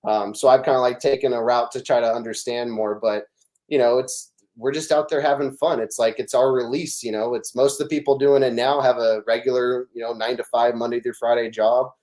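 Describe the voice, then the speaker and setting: A man's voice: mid-range voice, brisk. Chatty man telling racing stories. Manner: animated storytelling, fillers and restarts. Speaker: podcast guest. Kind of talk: casual chat.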